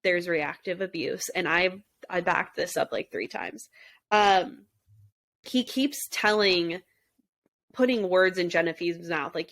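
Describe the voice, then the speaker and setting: A woman's voice: on the low side, slow, gravelly, fairly bright tone. Emphatic woman podcast host, swearing freely. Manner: emphatic, swears, acts out quotes. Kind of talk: casual chat.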